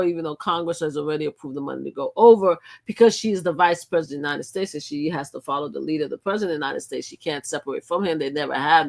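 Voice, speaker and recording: A middle-aged woman hosting a live stream, talking in a rambling, emphatic way with frequent restarts. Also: fairly low pitch. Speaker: livestream host. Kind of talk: casual live-stream commentary.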